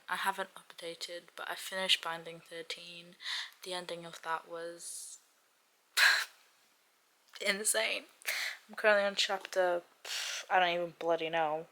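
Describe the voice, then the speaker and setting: A woman book vlogger talking casually about her reading, animated and exasperated, often dropping to a whisper and giggling. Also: on the low side.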